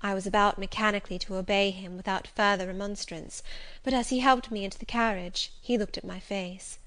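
Measured woman audiobook narrator. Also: mid-range voice, steady tone, a bit bright. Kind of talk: scripted narration.

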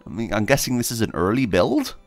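A man's voice: on the low side, wildly swooping pitch, fast talker, dry recording, faint music behind. A man hosting a gaming video, chatting casually and rambling while he plays, laughing often and talking to himself. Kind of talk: casual gameplay commentary.

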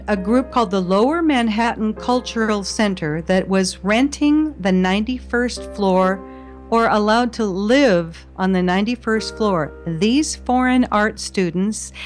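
Woman vlogger, casual insistent monologue with a conspiratorial edge, soft music bed behind. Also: mid-range voice. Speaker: video blogger.

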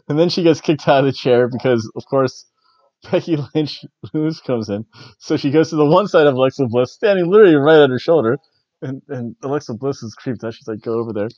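A man's voice: mid-range voice, normal speed, a little mellow, no room sound. Chuckly man rambling on dull lo-fi audio. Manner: rambling, chuckling, slightly awkward. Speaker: podcast host. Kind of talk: casual wrestling recap.

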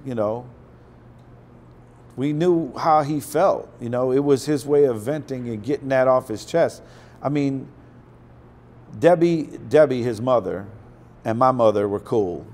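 A man guesting on an interview, telling casual stories with a profane, animated delivery that slips into acted quotes. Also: medium pitch. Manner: profane, animated storyteller who acts out quotes.

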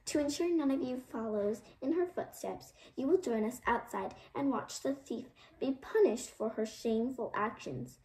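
A woman's voice: a little high, moderate pace, hardly any pauses, mellow, natural voice, rough recording. A woman voicing a stern, pious male orphanage administrator who gives commanding, sneering orders.

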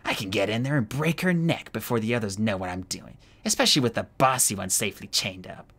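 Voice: mid-range voice, animated, fast talker, husky. A reader doing a harsh snapping she-dragon. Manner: sharp, snapping. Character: harsh adult female dragon Kestrel.

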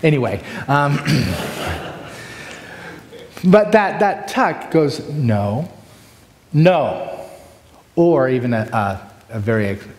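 Male lecturer, expressive, loud-to-hushed swings, recorded in a reverberant hall. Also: medium pitch, takes it slowly, long pauses. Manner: animated, shifts between loud bursts and hushed asides. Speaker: preaching workshop speaker. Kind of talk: conference lecture with demonstrations. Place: large hall with long reverb. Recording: echoey hall from far off.

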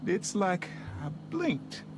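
An actor playing a gentle, wistful old grandfather in a video game, with a soft-spoken, gravelly voice. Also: high voice, sing-song, slow, exaggerated voice. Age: older. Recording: game audio with loud music underneath.

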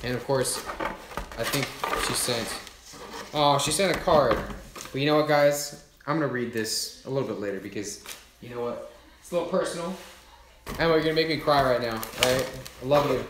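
A young man streams himself unboxing gifts, swearing freely and bursting into loud, excited exclamations. His voice rings in an echoey room, with faint clicks in the background. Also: mid-range voice, normal speed, a little hiss or hum. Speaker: YouTube creator livestreaming an unboxing. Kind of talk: excited livestream unboxing chat.

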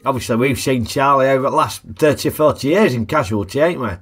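A man's voice: medium pitch, quick pace, a bit bright, breathy edge, soft background music. A man giving a chatty, jokey film review full of tag questions. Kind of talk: casual film review narration.

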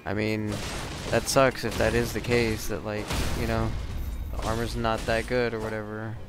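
A man giving casual, excitable let's-play commentary, swearing and exclaiming often. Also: fairly low pitch, normal speed, over music. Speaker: gamer.

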